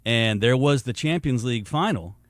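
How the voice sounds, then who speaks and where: A man's voice: medium pitch, lively intonation, moderate pace, dry recording. A man co-hosting a morning radio show, tossing in wry quips and teasing asides. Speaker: radio co-host. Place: radio studio. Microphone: studio microphone.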